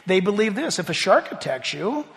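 A man preaching a sermon with animated delivery, swinging from hushed asides to loud exclamations. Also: high-pitched, moderate pace. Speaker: pastor. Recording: reverberant hall.

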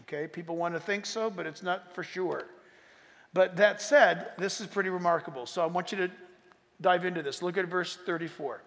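High-voiced preacher in an echoing hall. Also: male voice, normal speed. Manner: emphatic, rises loud when reading scripture, drops low for asides. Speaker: pastor. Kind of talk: sermon teaching on Bible prophecy. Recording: echoey hall reverb.

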